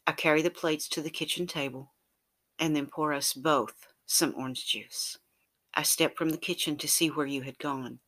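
Soft intimate romantic storyteller. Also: medium pitch. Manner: soft, intimate, often breathy or whispered. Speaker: narrator. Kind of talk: romantic second-person audio story.

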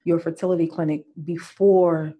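A woman's voice: fairly low pitch, level tone, normal speed, husky, muffled recording. A woman hosting a casual interview, asking questions and giving supportive murmurs. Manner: supportive, with frequent affirming murmurs. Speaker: podcast host.

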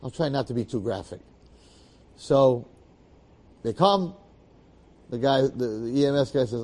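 A man with an ordinary mid-range voice narrates a dramatic story aloud. He builds scenes with repeated phrases and drops in quick asides to the listener. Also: medium pitch, a little mellow. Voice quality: bearded, uses Yiddish and Hebrew terms. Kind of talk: animated oral storytelling.

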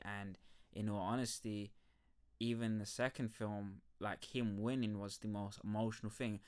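A young man hosting a podcast, rambling through a casual review with profane, animated rants and frequent laughter. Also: fairly low pitch, clean tone. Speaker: podcast host.

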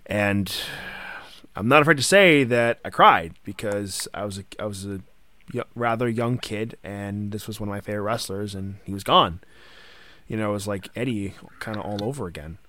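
A man hosts a casual podcast, walking his guests through wrestling history and now and then checking his notes. His voice sits a little low. The sound is dry and close, with no room around it. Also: normal speed, bright, forceful tone, dry recording. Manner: conversational, recounting wrestling history partly from notes. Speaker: podcast host.

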